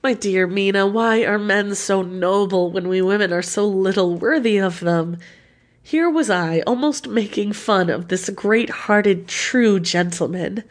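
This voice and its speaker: A woman reading a novel written as letters aloud, with a lively, confiding, expressive delivery. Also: medium pitch, measured pace. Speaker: audiobook reader.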